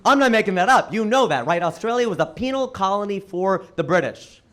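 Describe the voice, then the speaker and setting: A man performing stand-up comedy. His voice sits high and swings widely in pitch. He delivers his punchlines with animated, incredulous emphasis. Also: brisk. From United States.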